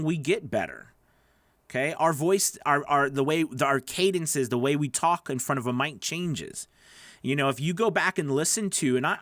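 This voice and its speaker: A man's voice: on the high side, fairly bright tone, dry recording. A man coaching voice actors on a live stream, chatty and encouraging as he answers viewer questions into a studio microphone. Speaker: voice-over coach.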